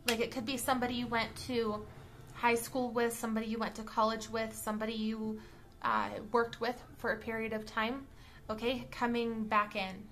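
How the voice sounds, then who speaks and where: A tarot reader gives a casual card reading to camera, chatty and blunt, with a bright, fairly high voice and a level tone. She keeps checking in with quick "okay?" and "all right?" asides and now and then lets a swear word slip.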